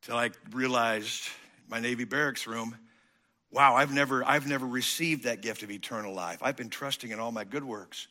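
A man preaching a sermon as pastor, swinging between loud emphatic passages and quiet intense ones. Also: mid-range voice, steady tone, moderate pace. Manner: acts out quoted voices of listeners.

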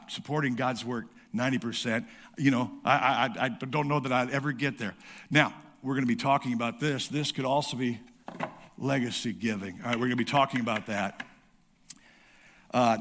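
A middle-aged male pastor preaching a lively sermon, calling out to the congregation and acting out quick asides. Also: mid-range voice. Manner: lively preaching with audience call-outs and playful asides.

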